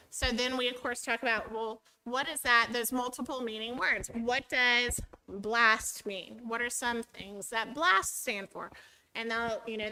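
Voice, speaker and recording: Bright clear lady teacher chatting thru a training talk, kinda high voice. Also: low-quality recording. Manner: chatty, acts out students' voices.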